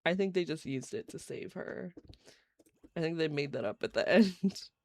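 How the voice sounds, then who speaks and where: A woman's voice: sits low, animated, normal speed, darkish tone. A woman streamer giving casual, giggly commentary on a life-simulation game while she plays live. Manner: chatty, giggly, reacts to gameplay. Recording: faint game music behind.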